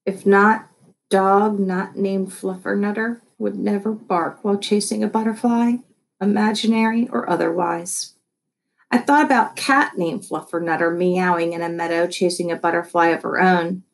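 A woman narrating a children's novel in a lively, comic first-person voice. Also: medium pitch, moderate pace, vocal fry. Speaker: audiobook narrator.

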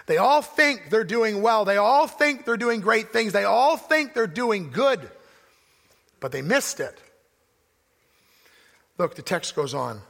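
A pastor preaching a sermon, with emphatic delivery that swings from loud declarations to hushed asides. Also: male voice, sits high, big pitch swings, slow, vocal fry, long pauses. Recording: long hall reverb.

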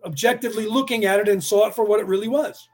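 A man's voice: sits high, quick pace. A man delivering a rambling, profane monologue, full of rhetorical questions and sudden bursts of speed.

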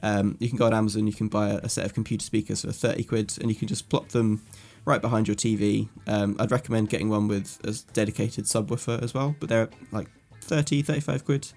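A man's voice: fairly low pitch, fairly even intonation, fast talker, hardly any pauses, darkish tone, soft background music. A man from England co-hosting a casual tech podcast, explaining at length with fillers. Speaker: podcast co-host. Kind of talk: casual chat.

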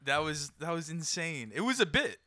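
A man's voice: fairly high pitch, big pitch swings, normal speed, pushed and bright, dry recording, clean studio sound. A man from New York hosting a podcast, chatting casually, rambling, swearing and laughing between stories. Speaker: podcast host.

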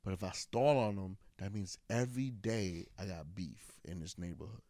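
A man's voice: low voice, moderate pace, no echo, clean studio sound. A young man telling a long personal story in casual chat, acting out what people said. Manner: animated, quoting himself and others. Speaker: guest storyteller.

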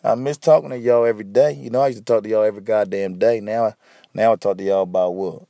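A tired man, talking to his listeners in a loose, profane, rambling solo podcast. His voice sits fairly low and sounds sleepy. It is recorded dry and close, with hardly any room sound. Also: fairly even intonation, quick pace, creaky, warm tone, no room sound. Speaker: podcast host. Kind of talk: casual solo rambling monologue.

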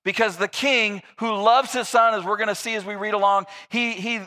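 A man's voice: high voice, moderate pace. A man preaching a sermon, retelling scripture and acting out its characters with playful, joking asides. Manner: animated, acts out scripture characters in a mocking voice. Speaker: pastor.

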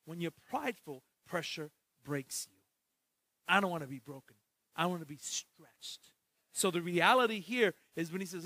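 High-voiced, bright preacher man, shouting. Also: normal speed, no echo. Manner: swings from loud shouted exhortation to soft, low asides; jokey, street-slang storytelling. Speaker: pastor. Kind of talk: sermon.

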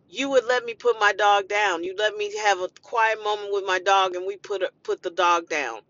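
Blunt, bright-voiced woman venting in lo-fi. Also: a little high. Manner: blunt, emotional, profane venting. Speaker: podcast host and family caregiver. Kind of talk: impassioned personal monologue. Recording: dull lo-fi recording.

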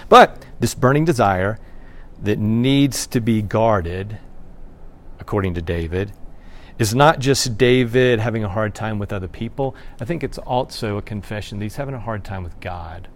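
A man's voice: medium pitch, animated, moderate pace. Conversational male pastor preaching. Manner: conversational, swings from hushed to loud and emphatic. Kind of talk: sermon.

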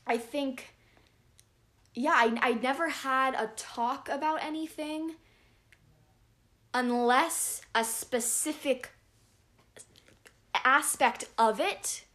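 A woman's voice: sits high, slow, long pauses, a bit bright. A young woman hosting a podcast, chatting casually with a friend and rambling with lots of fillers. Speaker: podcast host. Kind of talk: casual chat.

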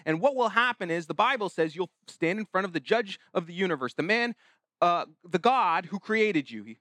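A man's voice: high voice, animated, normal speed, fairly bright tone, no echo, clean studio sound. A male pastor preaching a sermon in a conversational way, restarting phrases and acting out quotes.

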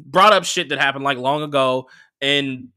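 A young man hosting a podcast, telling a personal story in a casual, animated way, with lots of swearing and quoted dialogue. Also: mid-range voice, normal speed, dry recording, clean studio sound. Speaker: podcast host.

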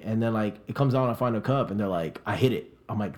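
A young man from South Florida recounts a party story in a relaxed podcast chat. He swears freely and keeps slipping into the voices of the people he quotes, talking the way friends talk across a table. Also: fairly low pitch, quick pace, few pauses. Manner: animated, profane, acts out quoted voices.

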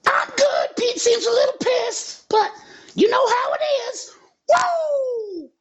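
A man voicing a rowdy, cheeky hype-man character who shouts his lines. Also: very high voice, expressive, takes it slowly, voice pushed up, heavily acted. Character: shouty hyped-up male hype guy.

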